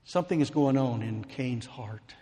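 A man preaching a sermon, slow and emphatic, building to fervent pleading. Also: medium pitch, dark tone. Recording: long hall reverb.

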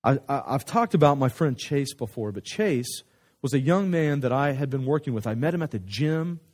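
A man telling a story in a sermon as a pastor, animated and conversational, often restarting his sentences. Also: medium pitch, moderate pace.

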